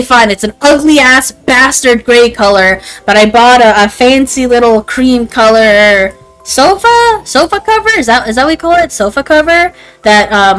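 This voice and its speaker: Rough audio captures a fairly bright, high-leaning female voice. She's a twenty-something VTuber streamer chatting casually, wandering off track, breaking into her own sentences, and saying "like" and "um" often.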